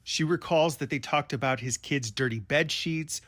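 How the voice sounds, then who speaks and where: A man's voice: a little high, normal speed, fairly bright tone. A man narrating a true-crime commentary over interview clips, in a pointed, incredulous, rhetorical manner.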